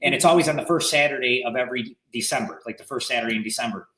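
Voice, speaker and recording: A man's voice: mid-range voice, rapid-fire, reverberant, background noise. A man telling a story in casual podcast chat, acting out what others said. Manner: animated storyteller acting out quotes. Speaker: real estate agent.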